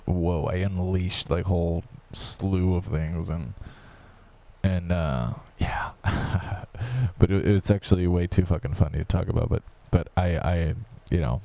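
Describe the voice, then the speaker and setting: A man's voice: deep voice, fairly even intonation, a little slow, creaky, warm tone. A man from the United States talking in a casual, profane, rambling rant full of restarts. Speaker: vlogger.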